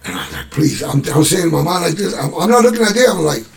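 A man's voice: on the high side, fast talker, gravelly. A man casually telling a street story from his youth, swearing freely and acting out what others said. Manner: profane, animated street storyteller acting out quotes.

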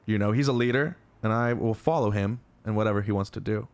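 A man co-hosting a comedy podcast, excitable and jokey, swearing freely in casual banter. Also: on the low side, fast talker, clean tone. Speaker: podcast co-host.

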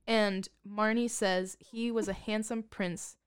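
A woman's voice: medium pitch, fairly even intonation, slow pace, smooth. A woman co-hosting a casual movie recap, telling the plot in a dry, wry way and laughing often. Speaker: podcast co-host.

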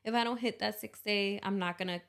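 A woman's voice: medium pitch, steady tone, brisk, gravelly, a bit bright. A young woman co-hosting a podcast in casual chat, talking in a rambling way with restarts and laughs. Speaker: podcast co-host.

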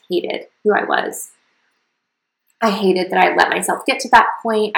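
A woman's voice: mid-range voice, vocal fry, reverberant, poor audio. A woman hosting her own podcast, telling her personal story in an earnest, confessional way. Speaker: podcast host.

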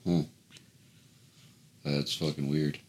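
A man's voice: a bass voice, flat delivery, slow, a little mellow. A young man in casual chat who makes blunt, short, crude remarks.

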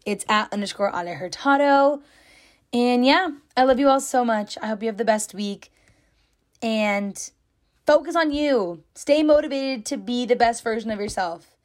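A woman's voice: on the high side, expressive, normal speed. A young woman hosting her own podcast, talking to listeners in a gushing, chatty way and filling her sentences with "like". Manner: gushing and chatty, heavy use of "like". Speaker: podcast host. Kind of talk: casual solo podcast chat.

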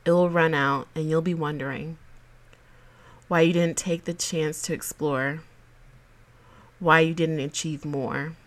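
A woman hosting her own podcast, giving a slow, affirming pep talk to her listeners. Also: low voice, steady tone. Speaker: podcast host. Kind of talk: solo podcast monologue.

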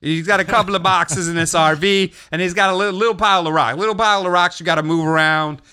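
A man putting on a brash Italian New Yorker man who talks pushy and fast on the phone. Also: high-pitched, fairly even intonation, bright, forceful tone, clear, resonant tone, voice pushed up.

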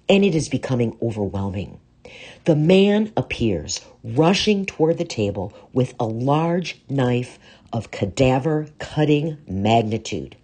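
Narrator: earnest, measured woman, very low and husky. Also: dark tone. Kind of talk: first-person story reading.

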